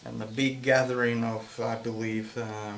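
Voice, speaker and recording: A man hosting a casual car chat, talking slowly and hesitantly with frequent laughs, recorded inside a small old car. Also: mid-range voice, level tone. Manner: slow, hesitant, laughs often. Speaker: host. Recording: loud car and road noise.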